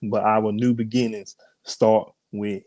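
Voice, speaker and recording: Flat and slow, this low, slightly mellow voice belongs to a sick minister hosting a live broadcast, his voice strained. He chats casually and greets viewers by name, then prays and preaches. The audio has no echo.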